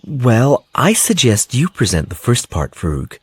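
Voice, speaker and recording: A man voicing a colleague in a textbook audio dialogue, with a husky voice. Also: mid-range voice, huge pitch swings, measured pace, no echo, exaggerated voice. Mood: encouraging. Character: man colleague suggesting who presents.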